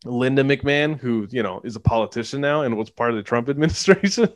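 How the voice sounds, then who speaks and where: A man co-hosting a casual movie-review chat, animated and sarcastic, laughing often as he talks. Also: medium pitch, a little fast, no echo. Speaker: podcast co-host.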